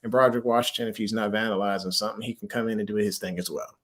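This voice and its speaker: A man from Louisiana with a mixed Southern and military accent, hosting a casual sports-fan livestream and chatting in an animated, slangy way with frequent laughs. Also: lowish voice, racing. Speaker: livestream host.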